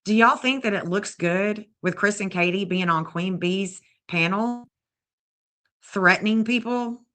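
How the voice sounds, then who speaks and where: A woman's voice: medium pitch, measured pace, a bit bright. A woman, bluntly and indignantly scolding as she comments on a livestream. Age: 50s. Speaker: true crime streamer.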